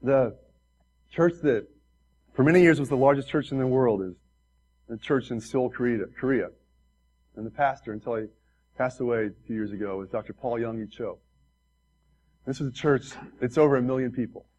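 Pastor guy giving a sermon, mid pitch, earnest and chatty, talks right at the congregation. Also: normal speed, long pauses, darkish tone, low-quality recording. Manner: earnest, conversational preaching with direct asides to the congregation.

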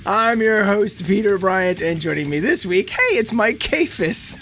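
A man's voice: sits high, unhurried, fairly bright tone, slight background noise. A man hosting a casual podcast, chatty, laughing often and restarting his sentences. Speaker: podcast host.

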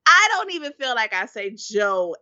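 A woman co-hosts a podcast, chatting candidly and laughing easily. Her voice is bright and a little high, and the dry recording comes across slightly dull and lo-fi. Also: dry recording. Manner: candid, animated and quick to laugh. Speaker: podcast co-host. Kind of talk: casual chat.

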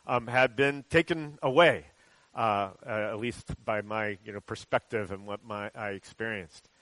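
Chatty man preaching a relaxed sermon. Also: a little high, no echo, poor audio. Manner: relaxed and chatty, many ums and uhs. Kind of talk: conversational sermon with prayer.

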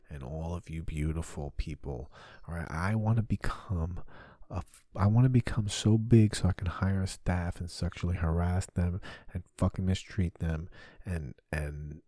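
Brief: male podcast comic, deep husky voice, profane rambling monologue. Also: mellow, dry recording, clean studio sound. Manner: profane, rambling, self-deprecating. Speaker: comedian podcast host. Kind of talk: solo comedic confessional talk.

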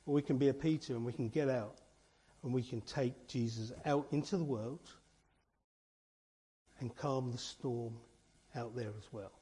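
Brief: man, church elder preaching, warm husky voice, fairly high, earnest and conversational. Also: unhurried, long pauses. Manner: earnest, chatty preaching with rhetorical questions and asides. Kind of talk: informal sermon.

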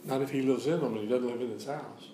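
A man's voice: mid-range voice, fast talker, mellow, echoey room, a little hiss or hum, low-quality recording. A man giving a sermon as a guest preacher in a church, preaching in a conversational way and repeating phrases for emphasis. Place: church sanctuary.

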